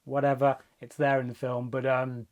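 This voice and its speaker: A man's voice: mid-range voice, flat delivery, normal speed, phone-quality sound. Chatty man reviewing films. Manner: chatty and rambling, with frequent restarts. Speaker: movie review vlogger. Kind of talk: casual spoken film review.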